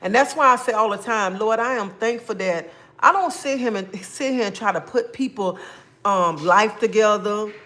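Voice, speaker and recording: A woman's voice: medium pitch, moderate pace, a bit bright. Chatty devout woman greeting her viewers. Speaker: livestream host. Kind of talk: casual livestream chat.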